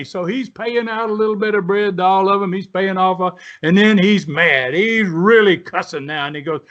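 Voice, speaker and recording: Older male guest, high-pitched for a man, folksy rambling storyteller, lo-fi sound. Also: moderate pace, few pauses, fairly bright tone. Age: 70s. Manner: folksy, rambling, frequent "right?" and "you know". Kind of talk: storytelling in an interview. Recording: dull lo-fi.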